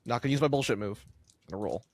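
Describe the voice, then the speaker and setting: A player in a tabletop game who gets excitable, tripping over words and swearing. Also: medium pitch, rapid-fire, dry recording. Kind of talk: playing a tabletop game, casual.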